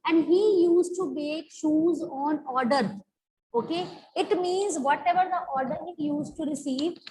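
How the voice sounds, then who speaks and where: Her voice sits high with a darkish tone as this English teacher explains a story to her class, patiently going over word meanings again and again. It's a rough recording with a little hiss or hum.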